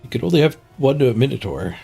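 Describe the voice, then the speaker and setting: A man's voice: medium pitch, very animated, very fast, vocal fry, mellow, breathy edge, faint music behind. A man streaming a game, reading stats and musing casually to himself, a bit stuffed up. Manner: muttering to himself, chuckling at stats. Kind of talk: casual gameplay commentary.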